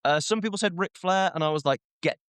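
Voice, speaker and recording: A man's voice: high voice, fast talker, fairly bright tone, smooth, dry recording. A man hosting a casual wrestling chat, ranting and joking as he acts out short quoted voices. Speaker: podcast host.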